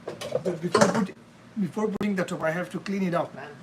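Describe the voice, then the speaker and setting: The background is noisy as a young man cooks in his home kitchen and chats to his live-stream viewers, rambling and calling them "bro" and "man." His voice is high, and he talks a little fast.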